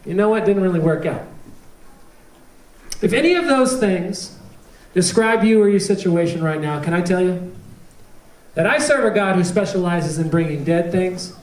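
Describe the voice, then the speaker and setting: Man preaching, high voice, humorous storytelling, roomy church sound from a distance. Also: animated, normal speed, pauses often. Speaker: pastor. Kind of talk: sermon. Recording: echoey church hall, distant mic.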